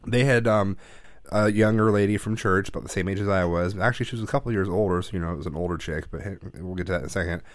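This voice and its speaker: Low-voiced man telling a rambling story. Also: very fast, dry recording. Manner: rambling storytelling with frequent swearing and restarts; gets loud and animated when quoting his dad. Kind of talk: casual chat.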